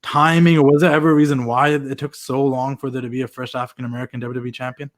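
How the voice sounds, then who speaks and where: A man's voice: medium pitch, little pitch movement, fast. A man interviewing a guest, asking questions and chiming in with short agreements. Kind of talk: casual interview.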